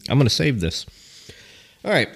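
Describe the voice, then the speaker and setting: A man's voice: mid-range voice, very animated, normal speed, gravelly, background noise. A man co-hosting a casual podcast, joking and teasing his wife. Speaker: podcast co-host. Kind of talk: casual chat.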